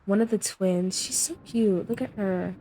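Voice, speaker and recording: A woman's voice: mid-range voice, unhurried, mellow, a little hiss or hum. A young woman casually commenting on her life-sim gameplay, chatty and rambling as she narrates what her characters say. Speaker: gameplay host.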